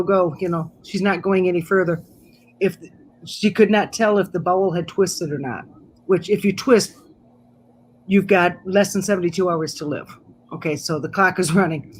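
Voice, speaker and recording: A middle-aged woman telling a personal story in a casual chat, animated and laughing as she goes. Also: mid-range voice, slight background noise. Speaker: guest storyteller. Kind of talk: casual storytelling on a live stream.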